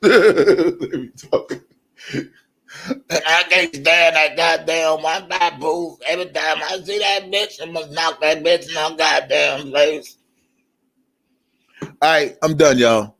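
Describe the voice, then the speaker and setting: A man hosting a livestream, ranting loosely and swearing freely as he laughs his way through it. His voice sits fairly high and sounds bright and forceful, and he often leaps into shouting. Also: slow pace, long pauses. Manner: animated, profane, laughing often. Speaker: livestream host. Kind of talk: unscripted livestream rant.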